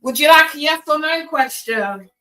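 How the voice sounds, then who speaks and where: A chatty woman talks straight to her live viewers in loose, slangy banter. Her voice sits a bit high and sounds bright and forward. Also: expressive, normal speed, poor audio. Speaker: tarot reader hosting a live stream. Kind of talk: casual live-stream chat.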